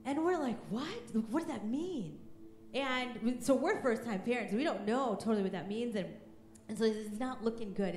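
A woman's voice: on the high side, normal speed, a little mellow, echoey room, soft background music. A woman in her thirties preaching a sermon as pastor, emphatic and fervent, often raising her voice.

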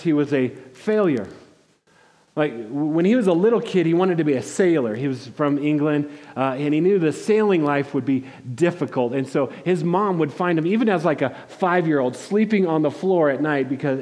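A man's voice: on the high side, in a large hall. A pastor delivering a conversational sermon, acting out quotes and restarting his phrases often. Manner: conversational, animated, frequent restarts and acted-out quotes.

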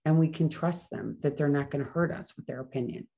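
A middle-aged woman talking fast and casually in a solo podcast monologue, often correcting herself as she goes. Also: low voice, vocal fry, dark tone, muffled recording, slight background noise. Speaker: podcast host.

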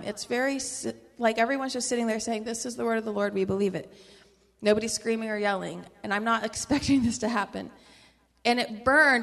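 A woman's voice: mid-range voice, a bit bright, in a large hall. A woman telling her personal religious testimony in a fervent, earnest way, full of "like" fillers and small laughs. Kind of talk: personal testimony in casual conversation.

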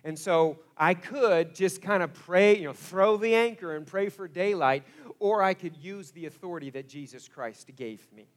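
Preaching at a moderate pace in a high-pitched voice, a pastor tells his stories with animation. His delivery jumps from quiet asides to loud outbursts.

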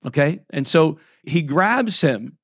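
A man's voice: on the high side, lively intonation, takes it slowly, dry recording, studio quality. A man in his forties preaching a sermon as a pastor, talking in a loose, conversational way, often checking in with "right?" and "okay?", and reading scripture aloud between plain asides.

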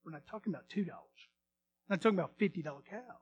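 A male pastor telling a story in a sermon, animated, swinging from loud bursts to hushed retelling. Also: sits high, rapid-fire, highs cut off, slight background noise.

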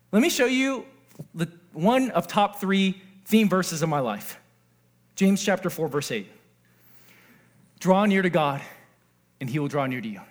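Male pastor with a high voice, earnest sermon delivery, moves between quiet and animated passages. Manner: earnest, swings from hushed to excited.

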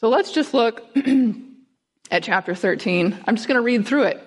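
A woman's voice: on the high side, expressive, measured pace. A woman giving a conversational sermon, teaching through a passage and asking her listeners questions. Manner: conversational, asks the audience questions. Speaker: guest speaker.

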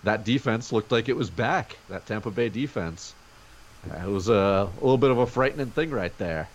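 A man's voice: on the low side, expressive, normal speed. A man co-hosting a sports podcast from home over a video call, talking energetically in casual chat. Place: home during a snow day.

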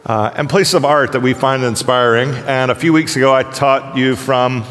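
Joking pastor in a reverberant hall. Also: male voice, medium pitch, normal speed. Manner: conversational, joking, animated storytelling. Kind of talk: casual humorous sermon.

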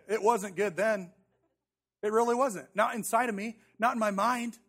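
A man's voice: extremely high pitch, normal speed, a bit bright. A man in his thirties preaching a sermon as a pastor, telling a personal story in a conversational, self-deprecating way and often repeating words as he goes.

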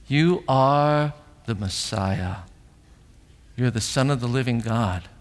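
A middle-aged man preaching a sermon as pastor in a church sanctuary, animated, acting out voices and asking rhetorical questions. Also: mid-range voice, slow. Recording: long hall reverb.

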